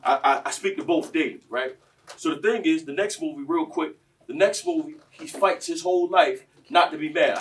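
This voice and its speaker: A man's voice: expressive, brisk. Fiery man preaching from a distance. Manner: preachy storytelling, swinging from low and quiet to loud and high. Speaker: panel speaker. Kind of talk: impassioned panel talk.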